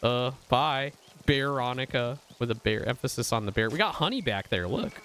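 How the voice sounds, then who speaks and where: A man's voice: medium pitch, sing-song, brisk, fairly bright tone, a little hiss or hum. A young man streaming a story game, chatting casually with playful, chuckling asides and reading the dialogue aloud.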